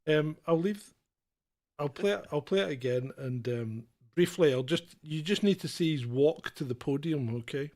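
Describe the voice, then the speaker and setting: Comedy podcast co-host, male, slightly high voice, rambling storyteller who laughs through his lines. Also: lively intonation, normal speed, a little mellow. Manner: rambling storyteller, laughs often mid-sentence. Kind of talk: casual comedic chat.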